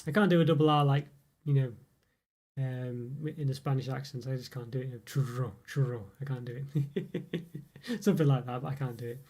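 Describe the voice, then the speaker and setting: Speaking quickly in a steady, medium-pitched voice with a slightly mellow edge, this snack-reviewing livestream host reads viewer comments. He rambles casually, full of fillers and little chuckles.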